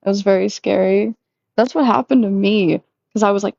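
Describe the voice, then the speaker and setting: A young woman talking casually and candidly to her audience, full of fillers, who jumps up in pitch when she acts out quoted lines. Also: fairly even intonation, fairly quick, creaky, mellow, dry recording, lo-fi sound. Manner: chatty, lots of "like", acts out quotes in a higher voice. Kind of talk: casual confessional chat.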